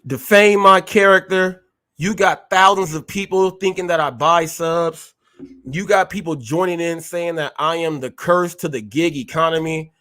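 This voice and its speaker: A man's voice: fairly high pitch, normal speed, sharp tone. A man hosting a live stream, ranting in a fiery, confrontational way with slangy street talk. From California. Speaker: host. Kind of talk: heated live-stream rant.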